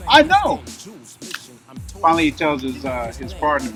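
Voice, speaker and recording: A man with a bright, forceful voice, a little higher than most, recounts a personal story in relaxed conversation. He acts out the exchanges as he goes, and faint music runs quietly in the background. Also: a little slow. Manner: animated retelling, acting out shouted dialogue. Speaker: guest telling his story.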